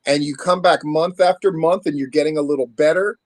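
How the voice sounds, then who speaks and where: A man hosting a casual interview podcast, telling stories in an animated, profane way. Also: on the high side, fairly quick, dry recording. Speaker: podcast host.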